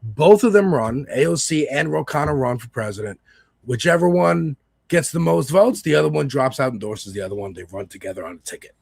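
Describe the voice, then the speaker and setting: Gravelly New man, wry and emphatic. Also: mid-range voice, lively intonation, darkish tone, dry recording. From New York. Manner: emphatic, wry, quick agreeing interjections. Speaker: guest co-host. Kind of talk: casual political livestream chat.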